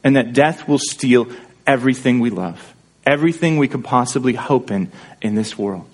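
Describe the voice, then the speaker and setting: A man's voice: mid-range voice, expressive, moderate pace. A man pastor preaching a sermon in an earnest, conversational way, often checking in with his listeners through rhetorical questions.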